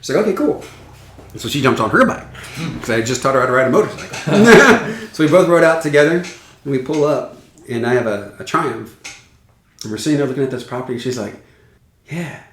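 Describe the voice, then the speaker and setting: A man's voice: mid-range voice, quick pace, recorded from a distance, slight background noise. A man from Iowa telling stories about his home in a casual podcast chat, laughing often. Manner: laughs often, animated storytelling with acted quotes. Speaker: podcast guest, carpenter. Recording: roomy, from off the mic.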